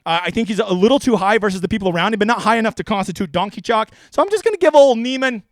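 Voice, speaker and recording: Man, very high voice, brash, profane, rambling, casual stream host, dry close sound. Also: expressive, racing, no echo. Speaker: fantasy sports streamer. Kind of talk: casual live stream commentary.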